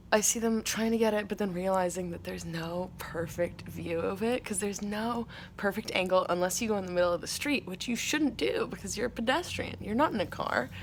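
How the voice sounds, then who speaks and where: Rambling, swearing young woman with a gravelly edge. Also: on the low side, a little hiss or hum. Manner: rambling, profane, emotional, with frequent "like". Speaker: podcast host. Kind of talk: casual confessional monologue. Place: outdoors at her home by a street.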